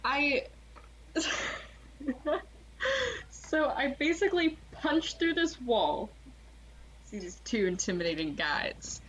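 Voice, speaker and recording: A woman taking her turn in a tabletop game, talking at an unhurried, drawn-out pace. She laughs often, and a faint hiss sits under her voice. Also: fairly high pitch, fairly bright tone, low-quality recording. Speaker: player. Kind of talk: casual tabletop game play.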